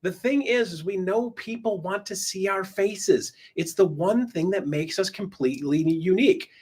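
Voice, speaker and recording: Husky, enthusiastic male sales coach. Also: moderate pace, darkish tone. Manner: enthusiastic, emphatic, swings pitch up and down. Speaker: real estate trainer presenting to agents. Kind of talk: energetic motivational coaching talk.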